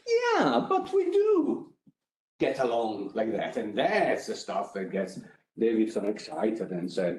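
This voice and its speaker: Male lecturer, Italian accent, mellow tone, reverberant hall sound. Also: lowish voice, unhurried. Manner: animated, conversational, frequent "right?" asides. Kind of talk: academic lecture.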